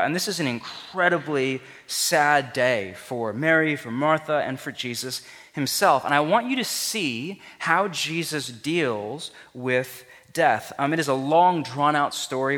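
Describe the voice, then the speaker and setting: A man's voice: mid-range voice, a bit bright. A man preaching a sermon in an earnest, conversational way, his voice rising for emphasis. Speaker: pastor. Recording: long reverb of a large hall.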